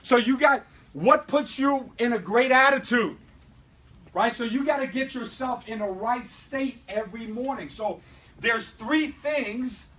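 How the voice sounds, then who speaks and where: A man with a high-pitched voice leads a motivational sales training in front of a live audience. He talks with lots of energy, pushing his points and checking in with "right?" again and again. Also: poor audio. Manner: energetic, repeatedly asks "right?". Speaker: business trainer.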